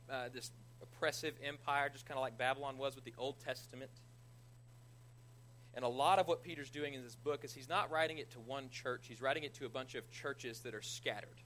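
Bright-voiced man preaching casually. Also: mid-range voice, a little hiss or hum, poor audio. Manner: conversational, self-deprecating humor, animated retelling. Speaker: pastor. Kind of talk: sermon.

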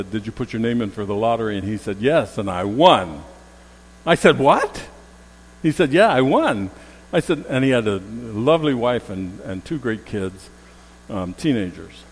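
A man preaches in a church sanctuary, and his voice trails off in the long reverb of the hall. He tells stories and acts out what people said, leaning hard into repeated phrases. His pitch sits in an ordinary middle range. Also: slight background noise. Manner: storytelling, acts out quoted voices, rising emphasis on repeated phrases. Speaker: pastor. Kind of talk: sermon.

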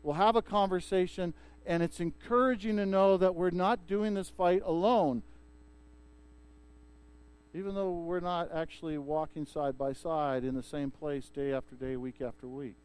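A male pastor preaching a sermon and retelling a story in a lively way, with frequent restarts. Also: fairly high pitch, moderate pace, clean tone.

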